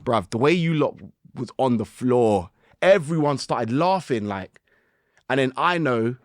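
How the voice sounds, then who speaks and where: Animated man telling stories. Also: mid-range voice, measured pace, no echo, studio quality. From United Kingdom. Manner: animated storytelling with slang and acted-out self-talk. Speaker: guest musician. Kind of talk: casual podcast conversation.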